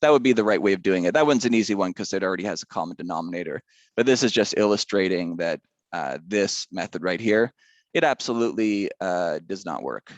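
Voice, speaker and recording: A man's voice: sits low, lively intonation, fairly quick, dry recording, highs cut off. A male teacher giving a casual math lesson, chatty and rambling, drifting into side stories.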